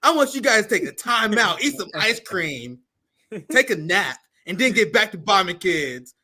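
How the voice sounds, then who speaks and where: A man's voice: high voice, big pitch swings, moderate pace, bright, forceful tone, slightly rough, voice pushed up, heavily acted. A man doing a sarcastic impression of a soothing older male politician. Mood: mocking. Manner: sarcastic, exaggerated.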